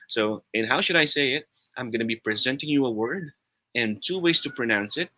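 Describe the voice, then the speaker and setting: A man's voice: medium pitch, sharp tone, dry recording, rough recording. A man with a Filipino accent, teaching an upbeat live-streamed English pronunciation lesson and reading out viewer comments. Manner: upbeat, switches between English and Tagalog, reads viewer comments.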